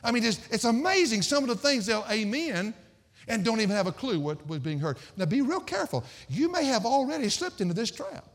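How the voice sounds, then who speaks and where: A man's voice: sits high, big pitch swings, brisk, big-room sound. A man preaching an expository sermon, emphatic and storytelling, repeating phrases for stress.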